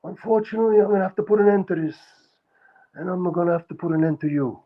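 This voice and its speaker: Man doing a Sicilian mobster, high and wordy, half-threatening, reluctant hitman. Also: quick pace. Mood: mock-menacing. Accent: Sicilian Italian. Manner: mock-threatening, rambling and self-justifying. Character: menacing middle-aged male Sicilian mobster, reluctant enforcer. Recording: muffled live stage recording.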